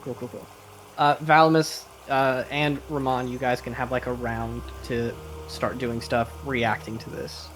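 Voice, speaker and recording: A man's voice: mid-range voice, flat delivery, unhurried, fairly bright tone, a little hiss or hum. A man running a tabletop game, narrating loosely with many fillers. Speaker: game master.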